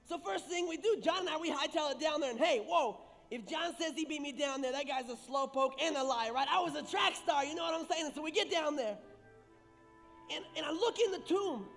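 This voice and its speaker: An actor playing the apostle Peter as an excitable, rambling fisherman who stammers, in a church skit. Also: very high voice, vocal fry, heavily acted. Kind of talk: stage comedy-drama acting. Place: church stage. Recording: echoey church hall with music.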